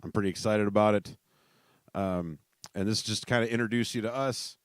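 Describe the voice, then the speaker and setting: Podcast host, a man from South Dakota, low and close, rambling and chatty, restarts a lot. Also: moderate pace, dry recording. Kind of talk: casual solo podcast chat.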